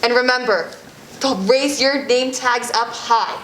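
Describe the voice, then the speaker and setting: A woman's voice: on the high side, fairly even intonation, a bit bright, a little hiss or hum. A young woman playing a gushing support group leader. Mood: soothing. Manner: over-soothing, slow sympathetic drawl. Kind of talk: student sketch comedy acting. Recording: echoey room.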